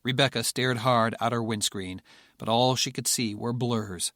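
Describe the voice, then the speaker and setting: A man narrating an audiobook thriller in steady, measured scripted narration. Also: on the low side, no echo, studio quality.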